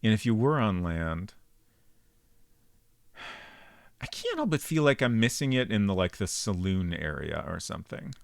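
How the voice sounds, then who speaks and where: A man giving casual live-stream commentary while playing a game, chatting with viewers and thinking out loud. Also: on the low side, very animated, a little slow, vocal fry, pauses often, dry recording.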